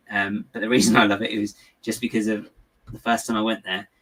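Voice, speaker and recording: A man's voice: fairly low pitch, fairly bright tone. A man with a rambling, self-mocking way of talking, chatting casually and chuckling while he builds LEGO and answers viewers. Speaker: LEGO builder and channel host.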